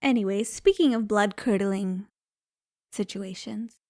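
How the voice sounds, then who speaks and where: A young adult woman co-hosting a podcast in casual chat, lively with playful emphasis. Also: medium pitch, unhurried, dry recording, clean studio sound. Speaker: podcast co-host, healthcare professional.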